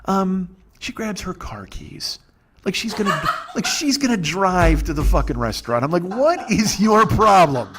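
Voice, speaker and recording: A man's voice: high-pitched, big pitch swings, normal speed, noisy background. A man hosting a podcast, telling a rambling, profane comic story with lots of stammering restarts. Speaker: podcast host.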